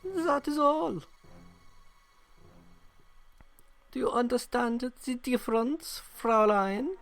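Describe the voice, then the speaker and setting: A man voicing a menacing imperial officer in a game, using a put-on German accent and slow, sneering threats. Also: very high voice, expressive, a bit bright, no echo, pitched above the performer's own voice, exaggerated voice. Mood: mocking. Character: menacing male imperial officer, cold and mocking.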